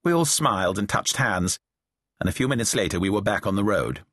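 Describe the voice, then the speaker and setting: A man's voice: fairly low pitch, expressive, a little fast, fairly bright tone, no room sound. A middle-aged man reading a novel aloud, with dry, wry storytelling. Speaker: audiobook narrator. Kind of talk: reading a novel aloud, voicing characters lightly. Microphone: close studio mic, dry booth.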